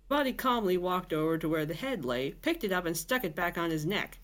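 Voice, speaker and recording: A woman's voice: fairly low pitch, animated, fairly quick, few pauses. A woman podcast host reading a novel aloud, with chatty asides and filler words. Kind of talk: casual storybook reading.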